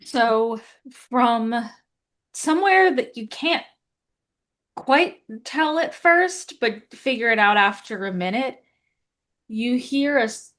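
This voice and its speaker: A woman narrating scenes in a tabletop game in a casual, halting way. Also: on the high side, a bit bright.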